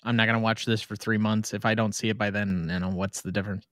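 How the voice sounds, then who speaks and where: A man's voice: lowish voice, level tone, fast talker, fairly bright tone, dry recording. Laid-back man with dry wit. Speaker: podcast co-host. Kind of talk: casual movie podcast chat.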